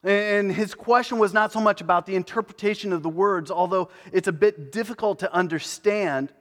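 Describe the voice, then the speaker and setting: Male pastor, slightly higher voice, conversational sermon, emphatic then hushed, long hall reverb. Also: normal speed.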